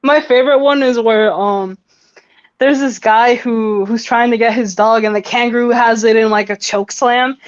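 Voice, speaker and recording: Brief: a chatty woman telling stories on stream, slightly high voice, rambling delivery, muffled chat audio. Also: steady tone, normal speed. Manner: rambling, lots of fillers and laughter. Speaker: stream participant. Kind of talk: casual chat.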